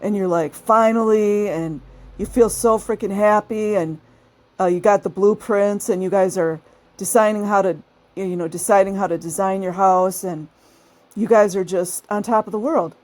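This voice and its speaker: A woman's voice: medium pitch, fairly even intonation, normal speed, a little mellow. A woman hosting her own channel, talking casually to her viewers. She laughs often and acts out the people she describes. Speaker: channel host.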